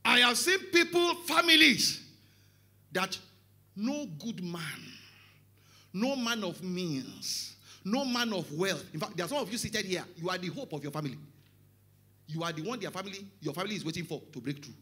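Nigerian pastor, middle-aged man, high, very lively pitch; punchy, shouty sermon delivery with Yoruba asides. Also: moderate pace. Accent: Nigerian English with Yoruba. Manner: animated preaching, often shouting, mixing in Yoruba, joking with the congregation.

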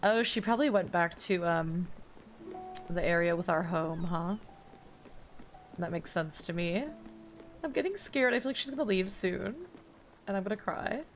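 A woman's voice: fairly low pitch, moderate pace, pauses often, soft background music. Chatty young woman narrating gameplay. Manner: chatty, frets aloud, hums along. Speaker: let's play streamer. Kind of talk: casual gameplay commentary.

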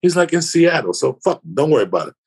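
A man's voice: a little high, sing-song, quick pace. A man telling a profane, rambling story on a podcast, acting out the other people's voices. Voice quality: gravelly, husky voice. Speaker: comedian guest telling a story.

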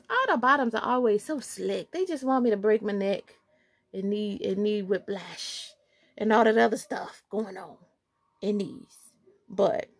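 A young woman vlogger gushing and chatting playfully while unboxing shoes. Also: mid-range voice. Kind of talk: casual unboxing vlog.

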